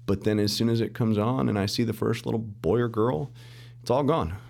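A middle-aged man, a mortgage lender, telling his story as a podcast guest in an animated way, acting out the dialogue and laughing as he goes. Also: fairly low pitch, a little fast, gravelly. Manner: animated storyteller, acts out quoted dialogue, restarts and laughs often. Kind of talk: casual storytelling interview.

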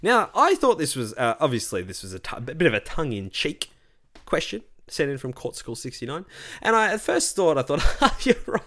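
A man hosting a solo podcast, ranting about ads and answering a listener question, addressing his audience as ladies and gentlemen. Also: on the high side, sing-song, moderate pace. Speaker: podcast host.

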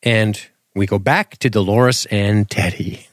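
A man's voice: lowish voice, steady tone, measured pace, no echo, studio quality. A man co-hosting a podcast episode recap in casual chat, sardonic and profane, teasing his co-host.

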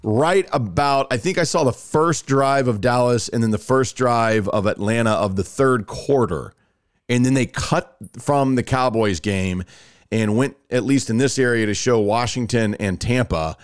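A man hosting a casual sports talk podcast, telling stories in an animated, self-mocking way. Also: mid-range voice, a little slow, clear, resonant tone, no room sound, clean studio sound. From Alabama, US. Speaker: podcast host.

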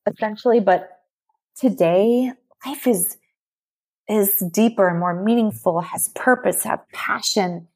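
A woman's voice: medium pitch, unhurried, darkish tone. A middle-aged woman, a podcast guest, telling a personal story in an earnest, heartfelt way with many restarts. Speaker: podcast guest, memoir author.

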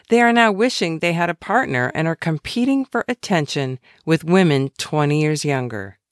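Lively-voiced woman reading her own book. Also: deep voice, no echo, clean studio sound. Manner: expressive, conversational storytelling with wry asides.

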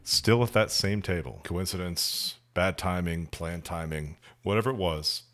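A man with a very deep voice describes what his character does in a tabletop game. He speaks haltingly, stopping often on fillers. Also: a bit bright. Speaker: player. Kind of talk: narrating his character's actions.

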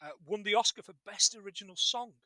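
A man co-hosting a casual film chat, animated and jokey, swearing freely. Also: sits high, fast, dry recording. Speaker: podcast co-host.

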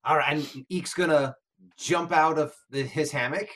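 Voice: medium pitch, moderate pace, fairly bright tone. A player in a tabletop game, speaking in a playful, teasing way.

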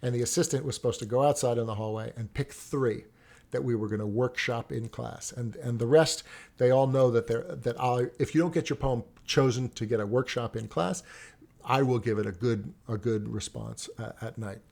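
A man who teaches poetry, telling stories in conversation in an animated way, often repeating words and restarting his sentences. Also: medium pitch, normal speed, creaky. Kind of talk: storytelling in conversation.

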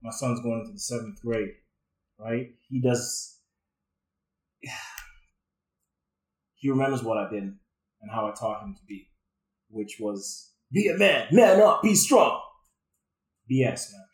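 A man's voice: on the low side, steady tone, unhurried, long pauses, darkish tone, echoey room, poor audio. A man in his thirties talking earnestly and emotionally about fatherhood, with casual slang, in a candid podcast conversation. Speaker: guest.

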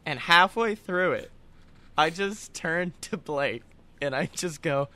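Recorded on a webcam microphone, a young man co-hosts a podcast, chatting casually and laughing a lot. He speaks slowly in a slightly high voice with a sharp tone.

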